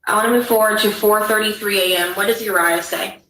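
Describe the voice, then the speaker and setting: A woman's voice: medium pitch, fairly even intonation, brisk, sharp tone, slight background noise. A woman attorney questioning a witness in court, direct and businesslike. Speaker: trial attorney. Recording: echoey courtroom feed, distant mic.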